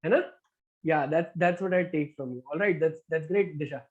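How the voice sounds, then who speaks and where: A man's voice: fairly high pitch, normal speed. A chatty man runs a group game over a video call. He talks in an encouraging way and keeps dropping "all right" between steps. The sound is dull and lo-fi. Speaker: activity host. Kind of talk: online group activity hosting.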